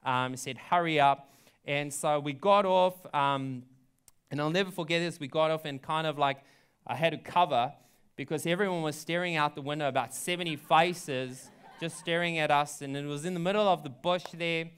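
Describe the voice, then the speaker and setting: A man's voice: a little high, normal speed, a bit bright, clear, resonant tone. A young adult man, a pastor, telling a story in a sermon in a chatty way, with many ums and likes. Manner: chatty, frequent ums and likes, laughs at his own story.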